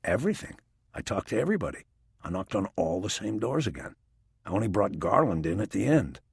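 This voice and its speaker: A man voicing a stubborn middle-aged male police detective in an audiobook, speaking flatly and insistently. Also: fairly low pitch, a little fast, vocal fry, breathy edge, dry recording, studio quality, exaggerated voice. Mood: matter-of-fact.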